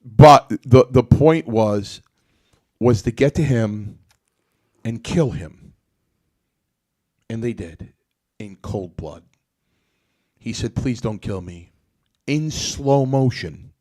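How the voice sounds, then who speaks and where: A man in casual conversation, circling back with fillers and repeated starts as he tells a story. His voice sits at an ordinary middle pitch and is recorded close and dry. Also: lively intonation, slow pace, pauses often, darkish tone, dry recording. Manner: rambling, many restarts and fillers. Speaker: podcast host. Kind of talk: casual chat.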